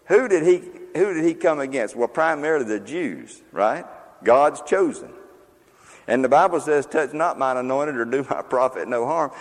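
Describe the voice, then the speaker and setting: A man's voice: medium pitch, lively intonation, normal speed. Older guy preaching, folksy and jokey, big echoey church sound. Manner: folksy, joking, conversational preaching. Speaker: pastor. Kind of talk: sermon. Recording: long reverb of a large hall.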